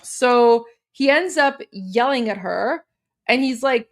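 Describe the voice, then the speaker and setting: A woman's voice: fairly high pitch, lively intonation, slow. Chatty Iranian-born woman hosting a livestream. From Iran. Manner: chatty, many fillers and restarts, explaining a meme. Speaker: host. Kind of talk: casual livestream commentary.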